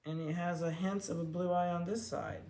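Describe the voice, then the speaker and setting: A dog breeder in a casual chat, handling puppies and talking to them in soft baby talk between explanations. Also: medium pitch, fairly even intonation, brisk. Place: indoor room of a home. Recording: echoey room, faint background noise.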